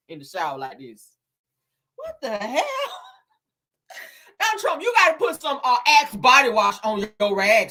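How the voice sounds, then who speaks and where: A woman hosting a casual celebrity gossip show, sassy and profane, laughing often and talking straight to her viewers. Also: mid-range voice. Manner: animated, dramatic emphasis.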